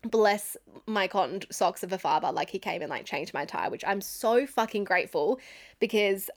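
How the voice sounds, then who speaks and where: Casually recounting a story on her podcast, this Australian woman in her twenties laughs often and doesn't hold back on swearing. She speaks expressively at a moderate pace, with a medium-pitched voice.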